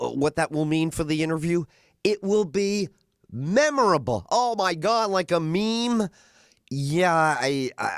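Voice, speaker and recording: Middle-aged male talk host, rambling monologue, very lively pitch, dry booth sound. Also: no room sound. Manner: rambling, animated, acts out voices of others. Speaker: radio talk show host. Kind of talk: casual monologue.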